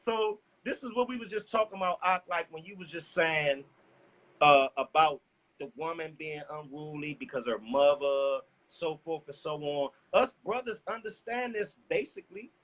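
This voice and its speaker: A man preaching a loud, profane sermon and cueing a scripture reader. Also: on the high side, moderate pace, low-quality recording. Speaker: street preacher. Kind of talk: fiery street sermon.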